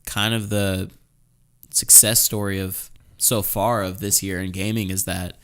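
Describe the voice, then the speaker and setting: A man's voice: deep voice, little pitch movement, unhurried, fairly bright tone. A young man hosting a podcast, talking casually, with frequent restarts and repeated words. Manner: hesitant, repeats words, lots of fillers. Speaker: podcast host. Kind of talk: casual chat.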